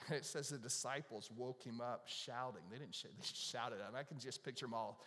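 A man preaching to his congregation in a conversational way, often turning to ask them questions. His voice sits at an ordinary mid pitch. It carries a long reverb from the large hall. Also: normal speed, a bit bright. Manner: conversational, asks the congregation questions, acts out worried prayers. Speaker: pastor. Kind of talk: sermon. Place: church with audience.

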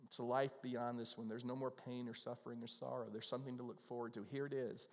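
Earnest pastor preaching in a reverberant hall. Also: male voice, medium pitch, level tone, fast. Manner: conversational, earnest, gets emotional. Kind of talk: sermon.

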